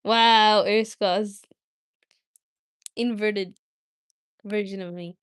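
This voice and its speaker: A woman's voice: medium pitch, steady tone, slow pace, clear, resonant tone, no room sound, clean studio sound. A woman hosting a livestream, talking casually and giggling as she chats straight to her viewers. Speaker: livestream host.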